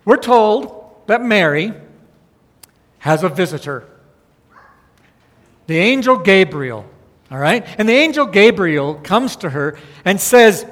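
A man's voice: sits high, animated, takes it slowly, pauses often, a bit bright, big-room sound. A man giving a conversational sermon as a pastor, often checking in with the congregation by asking "okay?" and "all right?". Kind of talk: sermon with Bible teaching.

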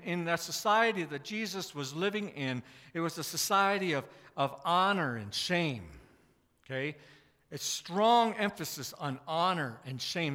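Guy preaching, high bright voice, chatty and self-deprecating, lots of restarts, long church echo. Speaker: pastor. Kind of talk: sermon. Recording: long reverb of a church hall.

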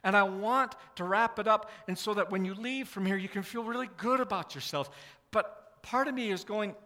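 A man's voice: high-pitched, normal speed, sharp tone. A man preaching a sermon in a church, talking in a conversational, self-deprecating way with frequent restarts. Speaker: pastor. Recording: long reverb of a church hall.

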